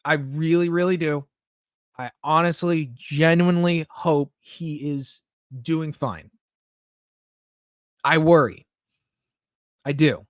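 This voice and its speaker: A man's voice: on the high side, takes it slowly, pauses often, no room sound. A young man chatting casually on a live stream, reading chat messages aloud and answering them candidly, swearing often.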